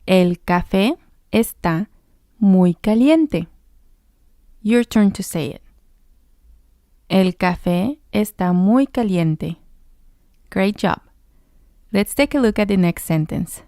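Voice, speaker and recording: A woman teaching a beginner language lesson, patiently asking each question, answering it herself and pausing for the learner to repeat. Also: medium pitch, mellow, no room sound, studio quality. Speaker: Spanish teacher.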